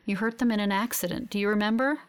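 A woman voicing a grieving older sister who speaks tearfully while trying to sound calm. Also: mid-range voice, quick pace, smooth, lightly acted. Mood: tearful, tender.

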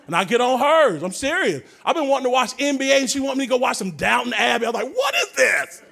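A man preaching a sermon in a church, telling funny stories and breaking into shouts. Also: very high-pitched, lively intonation, fast talker, gravelly. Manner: humorous storytelling, bursts into shouts. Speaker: guest preacher. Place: church with a praise band.

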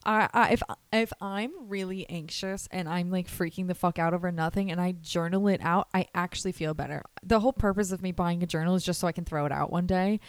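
Animated young woman telling stories, dry mic. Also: on the low side, fairly quick, hardly any pauses, no echo. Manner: animated storyteller, laughs often, swears. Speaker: podcast co-host, hospital worker. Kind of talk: casual chat, storytelling.

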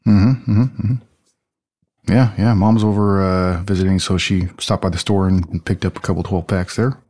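A man co-hosting a podcast from a room at home on a headset, easygoing and quick to agree. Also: low voice, fairly even intonation, dark tone. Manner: easygoing, many agreeing fillers. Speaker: podcast co-host. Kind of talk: casual chat.

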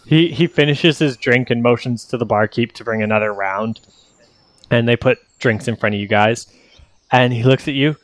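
A man's voice: medium pitch, normal speed, no echo. A young man narrating a tabletop game as game master, loose and full of fillers. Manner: loose, filler-heavy, laughing often.

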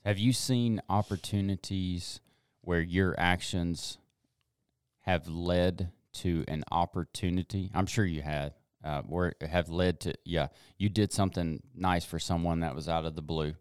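A male host with a very deep, smooth, resonant voice, recorded close and dry with no room sound. He asks questions in an encouraging, affirming way. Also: fairly even intonation, measured pace, dry recording. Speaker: podcast host. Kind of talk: casual conversation.

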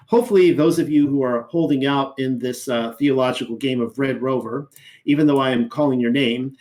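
A man reading and commenting on scripture in a measured teaching voice, with wry, dryly humorous asides and a slower pace for quoted passages. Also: medium pitch, darkish tone.

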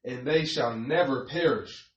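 Steady male scripture reader, muffled and echoey. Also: medium pitch. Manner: measured, plain, steady reading. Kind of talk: reading scripture aloud.

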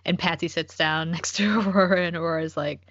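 A woman chats casually about a film, playful and laughing often as she asks questions. Her voice sits a bit low, recorded dry and dull with a lo-fi edge. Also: fairly even intonation, brisk, fairly bright tone, no room sound. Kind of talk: casual movie discussion.

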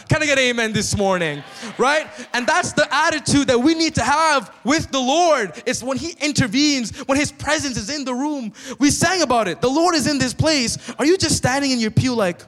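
A man preaching a sermon in church with lively energy, often turning to the congregation with questions. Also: very high-pitched. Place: church sanctuary. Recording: long reverb of a church hall.

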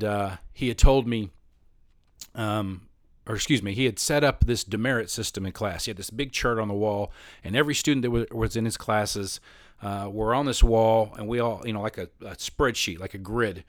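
Here the choir teacher's voice sits fairly low, in a dry, studio-quality recording. Telling casual personal stories, he rambles, keeps restarting and correcting himself, and turns animated when repeating what others said.

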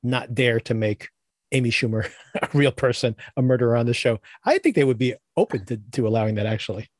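A man's voice: mid-range voice, expressive, brisk, no room sound. A man co-hosting a podcast, chatting casually and giving rambling, opinionated takes on a TV show. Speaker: podcast co-host. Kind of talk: casual chat reviewing TV.

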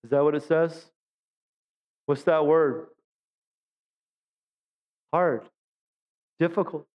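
A middle-aged man preaches to his congregation, mixing jokes and stories into the sermon. His voice sits on the higher side for a man. The sound is dull, with a long reverb trailing behind. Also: steady tone, a little slow, smooth. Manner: humorous storytelling, acts out quotes in high voices. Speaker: pastor. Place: church sanctuary.

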